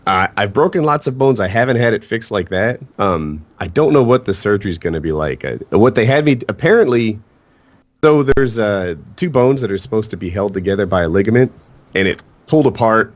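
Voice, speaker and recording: Man, candid guest, joking, lowish voice, dry dull call audio. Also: dry recording. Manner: candid, joking, laughs often. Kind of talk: casual podcast chat.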